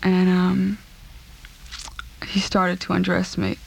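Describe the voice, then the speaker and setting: A woman recounting a personal ordeal in an interview, speaking in a halting, subdued way and repeating herself. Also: fairly low pitch, completely flat delivery, gravelly, a little hiss or hum.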